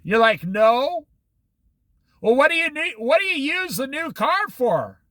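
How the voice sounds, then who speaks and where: A man's voice: extremely high pitch, normal speed, no room sound. A man giving a casual Bible study talk, acting out little dialogues between people and God. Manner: animated, acts out little dialogues. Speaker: Bible teacher. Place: Oregon coast.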